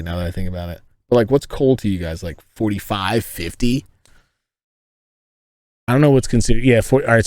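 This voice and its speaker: Male streamer, low voice, dry close sound, loose profane banter with chat. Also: darkish tone, dry recording. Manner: rambling, profane, joking, talks to chat. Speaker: streamer chatting with viewers. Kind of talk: casual live-stream chat. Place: inside a tent.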